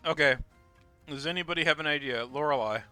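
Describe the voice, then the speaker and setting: A man hosting a casual live stream, with a high, very bright voice. He jokes around and laughs often with friends, and faint music sits behind him. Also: clean tone. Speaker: streamer host.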